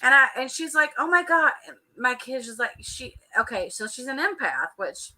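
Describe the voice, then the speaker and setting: A woman, co-hosting a casual live chat and telling animated stories to viewers. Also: on the high side, normal speed, low-quality recording. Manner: chatty, animated storyteller, warm toward viewers. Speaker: co-host.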